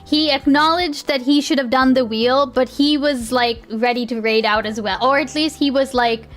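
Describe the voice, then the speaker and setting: A woman's voice: high voice, fairly even intonation, moderate pace, a bit bright, faint music behind. A young woman streamer chatting casually with her viewers. She rambles, laughs often and swears easily. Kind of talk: casual live-stream chat.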